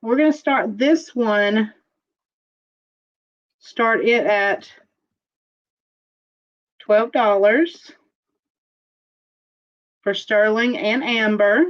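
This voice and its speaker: A woman hosting a casual live-streamed jewelry auction, chatting slowly as she describes pieces and calls out viewer bids. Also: a little high, muffled recording.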